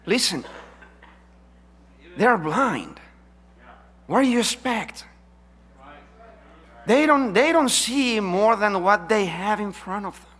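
High, bright-voiced man preaching. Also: expressive, takes it slowly, long pauses, breathy edge. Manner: emphatic preaching, swinging from loud to hushed. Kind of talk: sermon.

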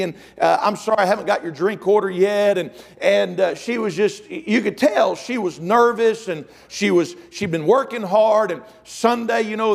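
Man, middle-aged pastor, fervent sermon, slightly high voice, storytelling preacher. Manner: fervent preaching, storytelling, frequent "amen" and "listen".

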